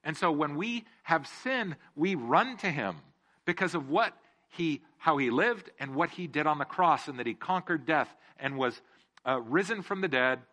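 Male pastor, bright tone, slightly high voice, jokey, asks the congregation questions. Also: lively intonation, moderate pace. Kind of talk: casual sermon with humor.

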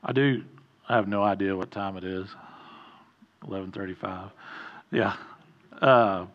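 A man's voice: deep voice, fairly even intonation, a little slow, highs cut off. A middle-aged man preaching an informal sermon in a conversational way, often stopping, restarting and adding asides.

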